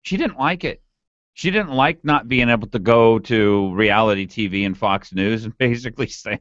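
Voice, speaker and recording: A man's voice: fairly low pitch, moderate pace, no echo. A man co-hosting a morning talk radio show, talking with enthusiasm in casual banter. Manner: animated, enthusiastic. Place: radio studio. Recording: dull lo-fi dry radio studio sound.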